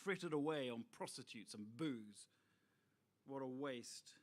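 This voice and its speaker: A middle-aged man preaching a sermon, expressive and full of rhetorical asides to his listeners. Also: medium pitch, unhurried.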